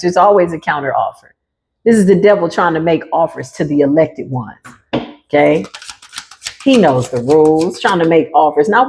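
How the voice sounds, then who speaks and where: A woman's voice: fairly low pitch, a little mellow. A woman giving a casual, playful tarot reading straight to her viewers, laughing often and talking in slang. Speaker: tarot reader.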